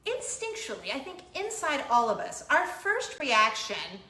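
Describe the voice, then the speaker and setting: A woman's voice: high-pitched, huge pitch swings, unhurried, sharp tone. Bubbly, giggly woman vlogger. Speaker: host, mother. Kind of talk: casual chat vlog. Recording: roomy room with faint hum.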